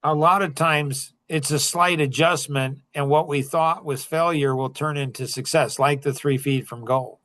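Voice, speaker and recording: Storytelling man with a higher voice. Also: moderate pace, hardly any pauses. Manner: storytelling, animated retelling of conversations. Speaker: coach answering audience questions. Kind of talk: casual Q&A podcast talk.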